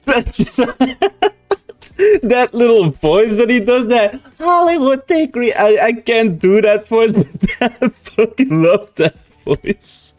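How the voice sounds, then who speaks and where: A man's voice: very high-pitched, lively intonation, slow pace, darkish tone. A man hosting a reaction video, talking casually, swearing and laughing often.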